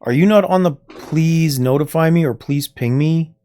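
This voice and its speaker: A man's voice: fairly high pitch, normal speed, warm tone, faint music behind. A man casually chatting and rambling as he streams a video game from a room at home, laughing often. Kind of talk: casual livestream chat. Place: home room near plumbing. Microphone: desk microphone.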